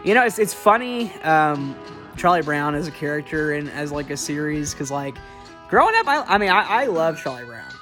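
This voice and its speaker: A man's voice: on the high side, very animated, moderate pace, a bit bright, soft background music. A young man giving a casual, rambling, joking film commentary as a vlogger. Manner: chatty, joking, full of fillers and restarts. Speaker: vlogger reviewing holiday films.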